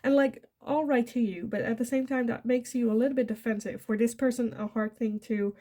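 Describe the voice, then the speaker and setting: A woman's voice: fairly high pitch, steady tone, fairly quick, dark tone. A woman from the Netherlands, giving a chatty pick-a-card tarot reading. She laughs often and acts out the lines she imagines people saying. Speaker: tarot reader.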